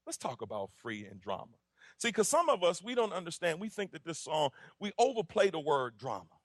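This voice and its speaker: A man in his forties, a pastor giving an impassioned sermon that builds from quiet reflection to shouted, repetitive declarations. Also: fairly high pitch, sing-song, brisk, no room sound, studio quality. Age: 40s. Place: church.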